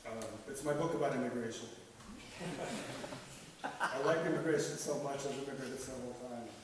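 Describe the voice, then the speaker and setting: A poet from Russia giving a live poetry reading, with wry, dry asides between poems. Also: male voice, medium pitch, normal speed, background noise. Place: festival event hall. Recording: echoey hall, mic at a distance.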